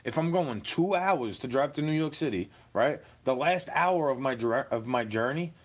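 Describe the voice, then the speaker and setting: With a medium-pitched, animated voice at normal speed, a young man launches into a ranting monologue to camera. He's aggrieved and cursing, talking directly to the person who wronged him and repeating "bro" throughout.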